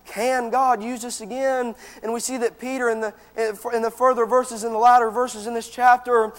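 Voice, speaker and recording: A man's voice: extremely high pitch, little pitch movement, moderate pace, in a large hall, rough recording. A man preaching a sermon to his congregation, with a fervent, impassioned delivery.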